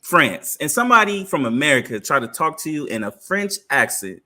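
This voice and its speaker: A young man co-hosting a podcast, talking in loose, slangy, animated chat. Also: on the high side, brisk. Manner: animated, slangy, laughs often. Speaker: podcast co-host. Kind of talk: casual chat.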